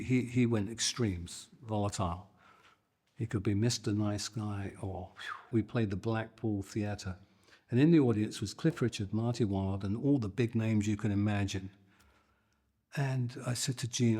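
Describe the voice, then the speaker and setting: An older man, a guitarist, telling a lively anecdote and acting out the people in it. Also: fairly low pitch, normal speed, big-room sound. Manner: animated, acts out the people in his story. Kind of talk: anecdotal storytelling.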